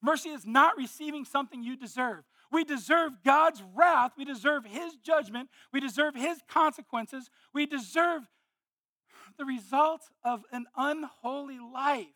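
A man preaching a sermon, moving between earnest teaching and animated, exclamatory storytelling with sudden loud bursts. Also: very high voice, a little slow, no room sound, clean studio sound. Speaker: pastor.

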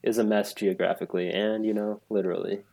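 A man's voice: lowish voice, level tone, fast talker, gravelly, a crowd in the background. A man chatting on a casual podcast, dry and joking, with some hesitation. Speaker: podcast co-host.

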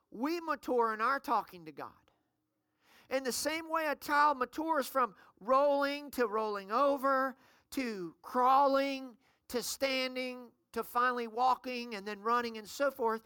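A woman's voice: high-pitched, fairly bright tone, dry recording. A woman pastor preaching a sermon, asking the congregation "amen?" often and telling everyday stories. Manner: emphatic preaching with call-and-response "amen?"; storytelling with everyday examples.

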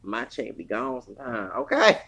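Gravelly, profane person in their forties. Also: medium pitch, wildly swooping pitch, moderate pace, pushed and bright. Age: 40s. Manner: profane, rambling, heated. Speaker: podcast host. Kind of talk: casual storytelling rant.

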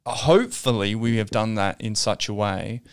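Reflective man, low smooth voice. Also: moderate pace. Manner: reflective, affirming, frequent fillers. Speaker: podcast co-host. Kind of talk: casual theological discussion.

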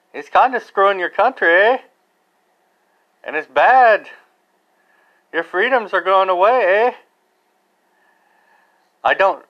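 An American man talks alone into his podcast mic in an unhurried, meandering way. He circles back on himself, restarting sentences and dropping in fillers. The recording is a little dull and lo-fi, and his pitch sits in the middle. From United States. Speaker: podcast host. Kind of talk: casual solo monologue.

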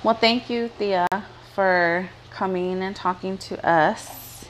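A woman's voice: mid-range voice, slow pace, slight background noise, rough recording. Profane, laughing woman podcast host. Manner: profane, emphatic, laughs often. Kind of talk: casual chat.

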